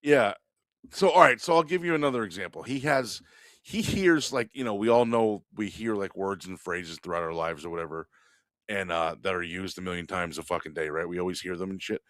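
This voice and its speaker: Profane, low-voiced male comedy podcast host. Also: fairly quick, dry recording, clean studio sound. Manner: profane, animated, laughs while telling stories. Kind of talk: casual comedic storytelling.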